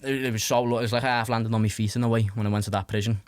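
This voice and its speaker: A man's voice: mid-range voice, fairly even intonation, very fast, dry recording. Young rambling man with a Scouse accent. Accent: Liverpool (Scouse). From Liverpool, England. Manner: rambling, heavy fillers and restarts, swears freely. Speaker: podcast guest, musician. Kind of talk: casual storytelling.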